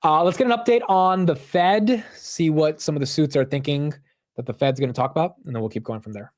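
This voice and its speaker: A man's voice: on the high side, a little fast, a little mellow. Chatty man hosting a market stream. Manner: chatty, slangy, thinks aloud. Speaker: livestream host. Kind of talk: casual market commentary.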